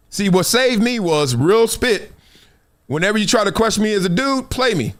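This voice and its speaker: A man in his fifties hosting a talk show, telling stories in a casual, animated way and acting out other people's lines. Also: sits high, a little fast. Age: 50s. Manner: animated storytelling, acts out quoted voices, frequent laughs. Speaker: show host.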